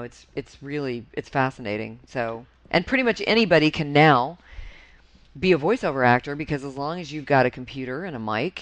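A woman with a Southern US accent, a voice actor chatting as a podcast guest, animated and laughing often. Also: extremely low pitch, no room sound. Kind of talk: casual podcast chat.

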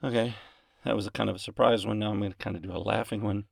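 Gravelly man rambling between takes. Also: fairly low pitch, fairly even intonation, very fast, heavy background noise. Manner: rambling, self-mocking asides between takes. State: out of breath. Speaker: voice actor recording lines. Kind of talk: casual outtakes chatter. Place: home closet.

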